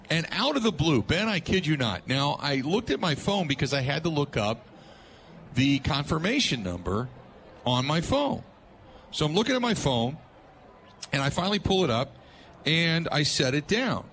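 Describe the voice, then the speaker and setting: A man hosting a sports talk radio show and telling a story with plenty of energy. His pitch sits a little high and bounces widely as he acts out the people in the tale. He laughs often between lines. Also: a little hiss or hum. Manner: animated, laughing storyteller acting out quotes.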